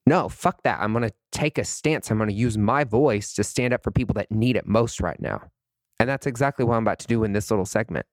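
A man's voice: fairly low pitch, a little fast, dry recording. A young man hosting a podcast, delivering a heated, emphatic, sassy monologue full of swearing. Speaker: podcast host. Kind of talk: impassioned unscripted monologue.

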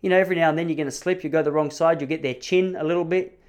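A man's voice: on the high side, steady tone, very fast, smooth. A man in his thirties with an Australian accent, telling rambling, self-mocking comic stories in a casual chat. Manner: rambling, self-mocking, often restarts phrases.

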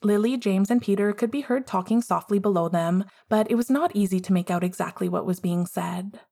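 A woman reading a fan story aloud in a calm, measured way. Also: medium pitch, creaky. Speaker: audiobook reader. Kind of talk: storybook narration.

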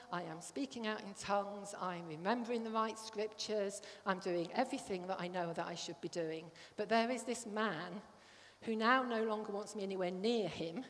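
A woman's voice: mid-range voice, slight background noise. Middle-aged woman, sermon delivery, earnest and personal, recorded in a reverberant church hall. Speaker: church speaker.

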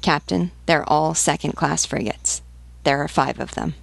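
A woman's voice: low-pitched, measured pace, gravelly, no echo, heavily acted. A woman voicing a knowledgeable male ship's pilot who lists facts plainly. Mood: factual.

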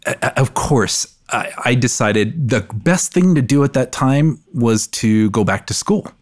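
A middle-aged man, a podcast guest, speaking earnestly and reflectively in measured phrases. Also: mid-range voice, lively intonation. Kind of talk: podcast conversation.

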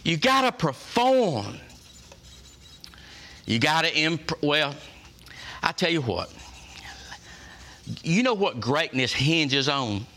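A man rallies his staff like a preacher, circling back to the same phrases and firing questions at the room. His voice sits high for a man and rings bright and forceful. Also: sing-song, takes it slowly, long pauses. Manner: folksy, emphatic, repeats phrases and asks the room questions. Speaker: workplace leader giving a culture talk. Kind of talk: preacher-like motivational talk to staff.

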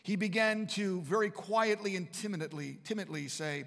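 A man with a high voice preaches to students at a Bible college. His sermon swings from hushed, reflective lines to emphatic declarations. A long hall reverb trails every phrase. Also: fairly even intonation, brisk, few pauses. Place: large room at a Bible college.

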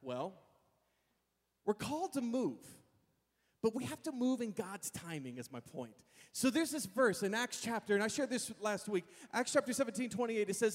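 A man preaching a sermon, telling a personal story in an animated way and calling out to his congregation. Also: very high voice, normal speed. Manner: animated, acts out voices, addresses the congregation. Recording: reverberant hall.

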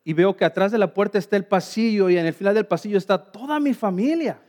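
Fast-talking high-voiced preacher, man. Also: darkish tone. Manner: storytelling, self-deprecating humor. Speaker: pastor. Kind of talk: bilingual sermon with live interpretation.

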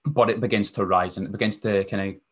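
Male podcast host, fairly low voice, easygoing rambling delivery with ums and restarts. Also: fairly even intonation, fast, fairly bright tone, breathy edge. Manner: casual, rambling, frequent fillers and self-corrections. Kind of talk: solo podcast talk.

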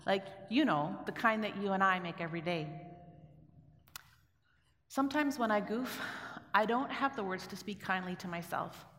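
A woman's voice: medium pitch, lively intonation, normal speed, long pauses. Middle-aged woman talking in a reverberant hall. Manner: warm, conversational, asks the audience questions. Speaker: speaker giving a talk. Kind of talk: storytelling talk to an audience. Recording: echoey hall with long reverb.

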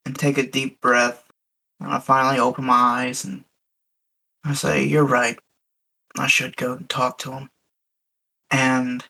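A man's voice: mid-range voice, pushed and bright, low-quality recording. A man playing a tabletop role-play character, describing his character's actions in the first person in an earnest, reflective way. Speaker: player.

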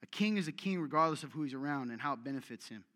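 Male preacher, exhortative and direct, fairly high pitch, long hall reverb. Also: expressive, racing, fairly bright tone. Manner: exhortative, direct, repeats commands for emphasis. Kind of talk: sermon. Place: church meeting room with audience.

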